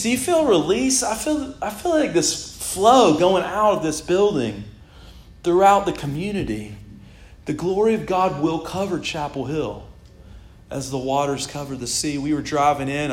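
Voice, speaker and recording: Man, pastor, casual animated sermon, fairly high voice, roomy church echo. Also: normal speed. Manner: casual, animated preaching with laughs and bursts of shouting. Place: church sanctuary.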